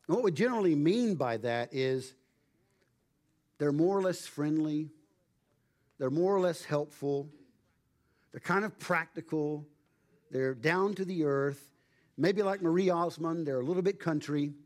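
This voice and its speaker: A male pastor delivers a sermon in a slightly higher than usual voice. He preaches emphatically, slowing down and pausing for weight on key phrases. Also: darkish tone. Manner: emphatic, measured preaching with dramatic pauses.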